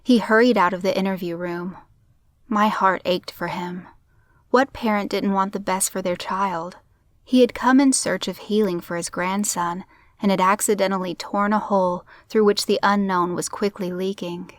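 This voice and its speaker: A woman narrating a crime story in a steady, measured audiobook reading. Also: medium pitch, dry recording.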